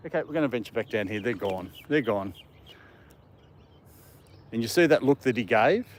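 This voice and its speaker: The speaker is a vlogger strolling through a park with his dog, chatting on a live stream and addressing the dog. His medium-pitched voice is expressive and normal in speed, with faint outdoor sounds behind it.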